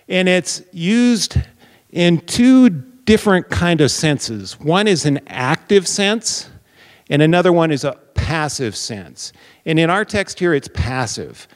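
A man preaching a Bible teaching sermon, explaining deliberately and posing questions to his listeners. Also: a little high, big pitch swings. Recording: long reverb of a large hall.

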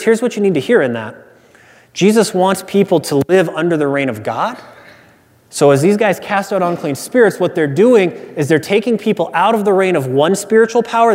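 A man's voice: high voice, a little mellow. A man preaching a sermon as pastor, earnest and emphatic, repeating key phrases for weight. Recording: reverberant hall sound.

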